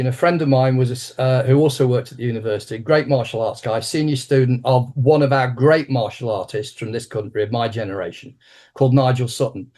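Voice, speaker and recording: A man in his sixties, an interview guest and martial arts teacher, telling an anecdote with lively restarts. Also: medium pitch. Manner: animated anecdotal storyteller with frequent restarts. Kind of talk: conversational interview storytelling.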